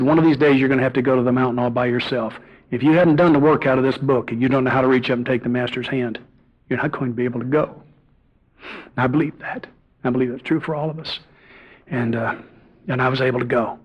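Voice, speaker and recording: A middle-aged man giving a personal testimony at a recovery meeting, earnest and confessional, bantering with the audience in the room. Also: medium pitch. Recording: dull lo-fi tape recording.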